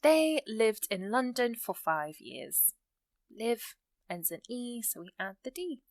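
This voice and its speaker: A woman teaching English grammar, explaining rules patiently and reading example sentences slowly with stressed key words. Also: on the high side, big pitch swings, no echo, studio quality.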